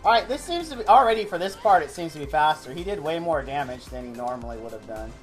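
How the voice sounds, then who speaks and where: A man live-streaming a game, rambling excitably and thanking viewers in chat by name. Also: a little high, quick pace. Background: faint game music.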